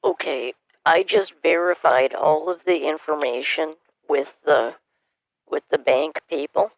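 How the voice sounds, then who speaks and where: A man's voice: on the high side, unhurried, vocal fry, no room sound, lo-fi sound, pitched above the performer's own voice. A man putting on a flustered old lady. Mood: dithering. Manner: hesitant, rambling, easily confused. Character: flustered older woman scam-call target. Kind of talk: scambaiting phone role-play.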